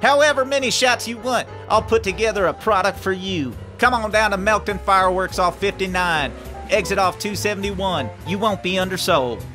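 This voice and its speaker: Man doing a rambling hick fireworks king, bright pushy voice, twang, hard-sell bravado. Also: high voice, moderate pace, faint music behind. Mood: salesy. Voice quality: folksy, rambling, salesman bravado. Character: boastful small-town fireworks seller, pork-loving hick. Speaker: guest. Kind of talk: improvised comedy podcast character.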